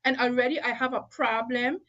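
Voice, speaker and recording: A woman with a fairly high voice talks in an animated, opinionated way, hopping between English and French within a sentence. The sound is dull and lo-fi, without much top end. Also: brisk. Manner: emphatic, opinionated. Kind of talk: casual chat.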